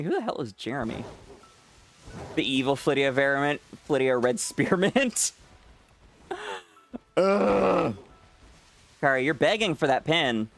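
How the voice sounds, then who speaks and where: A man with a mid-range, fairly bright voice and some vocal fry is streaming a game. He chats with viewers casually, teasing them, swearing freely and laughing often.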